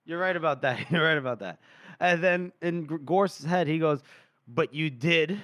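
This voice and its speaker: A man's voice: a little high, moderate pace, a bit bright, smooth, dry recording, clean studio sound. A man co-hosting a casual book podcast, acting out characters' lines with lots of laughter. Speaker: podcast co-host. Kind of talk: casual book-discussion chat.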